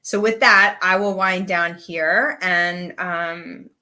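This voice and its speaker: A woman's voice: lowish voice, fairly even intonation, slow, pushed and bright. A middle-aged woman career coach presenting a live webinar, talking candidly and chattily with lots of "like" and "you know". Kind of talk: casual live webinar talk.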